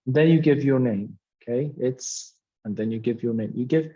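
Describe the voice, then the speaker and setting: A man's voice: mid-range voice, normal speed, lo-fi sound. A man teaching an English lesson, explaining patiently and repeating key words with frequent "okay" fillers. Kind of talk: classroom explanation.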